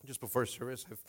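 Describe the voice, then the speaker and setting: Tearful man pastor, rambling and casual. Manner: casual, emotional, rambling with many fillers. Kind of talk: sermon.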